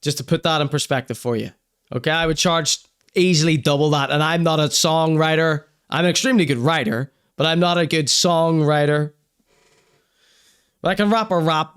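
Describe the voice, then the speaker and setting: A man's voice: on the high side, clear, resonant tone. A man hosting a livestream, sarcastically commenting on videos he plays for his audience. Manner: sarcastic, mocking, swearing. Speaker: show host reacting to videos.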